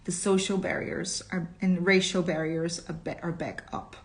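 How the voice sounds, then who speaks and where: Woman reading slowly and deliberately. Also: fairly low pitch, fairly even intonation. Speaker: literature teacher. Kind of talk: reading a short story aloud with commentary.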